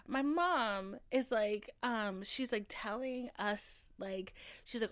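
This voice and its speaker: A woman's voice: mid-range voice, moderate pace. A young woman in her twenties, a podcast host telling casual stories with lots of swearing and laughter. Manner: animated, swearing, laughing often. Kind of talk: casual storytelling.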